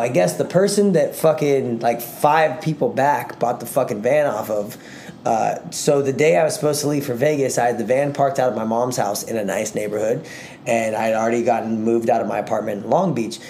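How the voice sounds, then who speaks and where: A young man co-hosting a podcast, telling a long profane story in a rambling, animated way. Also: mid-range voice, a little hiss or hum. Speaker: podcast co-host. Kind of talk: casual storytelling chat.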